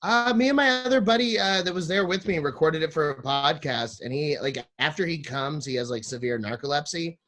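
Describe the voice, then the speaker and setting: A man's voice: on the high side, brisk, few pauses, a bit bright. A man, a podcast guest, telling a crude comic story with lots of swearing and acting out other people's lines.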